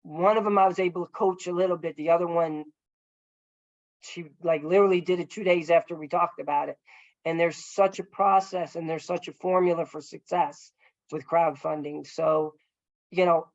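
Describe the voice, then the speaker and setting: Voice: mid-range voice, steady tone, normal speed, dry recording, dull audio. A filmmaker telling a long story over a video call, earnest and rambling, with many fillers and restarts. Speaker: filmmaker guest.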